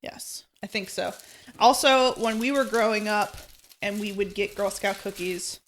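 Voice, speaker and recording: A woman co-hosting a casual tasting chat, upbeat and quick to laugh. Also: medium pitch, slight background noise. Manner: chatty, upbeat, laughs easily. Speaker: co-host.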